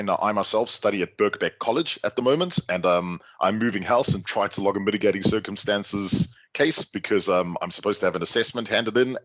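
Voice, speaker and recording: South african guy chatting away on a call, lowish voice, loads of little jokes. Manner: lively, jokey, chatty asides. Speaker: guest speaker. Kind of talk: conference talk on a video call.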